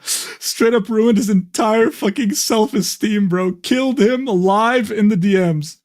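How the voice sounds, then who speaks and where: A male streamer in casual, profane commentary, his voice sitting a little high for a man. The sound is close and dry, with no room around it. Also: a little slow, darkish tone, dry recording. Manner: casual, swears freely, laughs often. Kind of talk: casual commentary reading DMs aloud.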